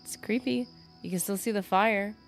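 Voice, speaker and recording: A woman's voice: medium pitch, normal speed, soft background music. A woman streaming a game, chatting casually and rambling to her viewers as she plays. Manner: chatty, rambling, talks to chat. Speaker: gaming streamer. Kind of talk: casual live-stream commentary.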